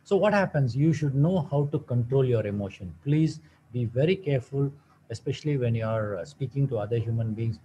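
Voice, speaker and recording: A naturopathic doctor gives a wellness talk, blending teaching with a personal story and firing off rhetorical questions, repeating words for stress. His mid-range voice is warm, brisk and lively in intonation, though the audio is dull with slight background noise.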